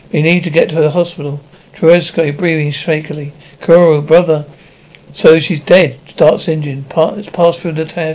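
A man's voice: on the high side, a little mellow, lo-fi sound. A man reading an anime episode script aloud. He reads the stage directions and all the parts in one plain voice and often stumbles over words. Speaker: script reader.

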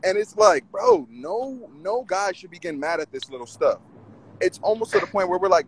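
Animated man arguing his point. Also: high-pitched, moderate pace, creaky, a little hiss or hum, rough recording. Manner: animated, argumentative, repeats himself. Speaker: caller. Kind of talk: casual call-in debate.

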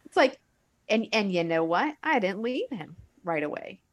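A woman in her thirties hosting a podcast, telling personal stories in a frank, animated way full of fillers. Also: mid-range voice, moderate pace. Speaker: podcast host. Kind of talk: candid conversational podcast talk.

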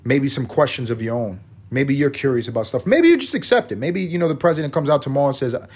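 A man's voice: mid-range voice, animated, quick pace, darkish tone, slightly rough. A man hosting his own podcast, ranting in a profane, sarcastic and rambling way. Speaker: podcast host. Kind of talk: casual rant.

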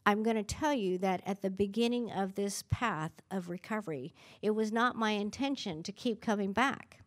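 A woman's voice: mid-range voice, normal speed. A middle-aged woman giving a candid, self-mocking personal share at a recovery meeting, often restarting her sentences.

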